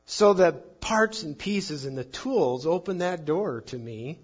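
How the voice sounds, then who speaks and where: A man preaching a sermon on the psalms, speaking emphatically and swinging between loud and soft. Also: fairly high pitch, expressive, takes it slowly, hardly any pauses, breathy edge, muffled recording. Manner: emphatic, rising and falling in volume.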